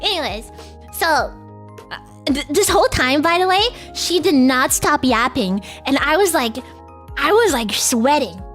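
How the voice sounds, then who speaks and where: A woman streamer rambles through a story in a very high, squeaky voice, giggling often and leaning on filler words. Her pitch bounces all over the place, and faint music plays underneath. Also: animated, unhurried, a bit bright. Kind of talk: casual livestream storytelling.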